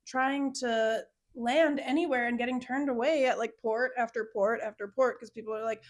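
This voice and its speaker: Higher-pitched woman in casual podcast chat. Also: steady tone. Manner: chatty, laughs often, drawn-out asides. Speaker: podcast co-host.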